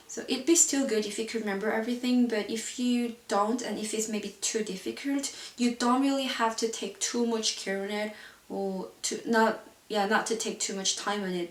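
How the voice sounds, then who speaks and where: A woman language teacher gives an online pronunciation lesson, explaining patiently and saying "so yeah" frequently. Her voice is a little high and set back from the mic, in a roomy, echoing recording.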